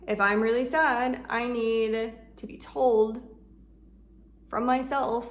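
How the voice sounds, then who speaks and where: Woman, self-help coach, loose and conversational, lots of "like", easing into gentle slow murmurs when comforting. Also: fairly high pitch, fairly even intonation. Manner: conversational, filler-heavy, drops soft and slow when voicing comforting self-talk. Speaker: shadow work coach. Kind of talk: casual self-help talk.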